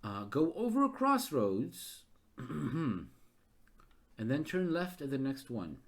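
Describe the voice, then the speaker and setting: A man who runs a gamebook live as game master, thinking aloud and getting excited. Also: mid-range voice, slow pace. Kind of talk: live-streamed gamebook narration.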